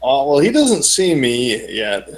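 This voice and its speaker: A man talks through his moves at a tabletop game in an unhurried, hesitant way. He often restarts before he gets the words out. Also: medium pitch, big pitch swings. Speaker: player. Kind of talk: casual tabletop play.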